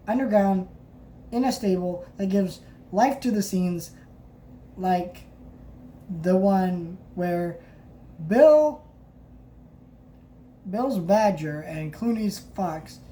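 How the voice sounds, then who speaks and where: Mellow-voiced woman reviewing a book. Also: mid-range voice, a little hiss or hum. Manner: halting, many restarts and fillers. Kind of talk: casual book review reading aloud.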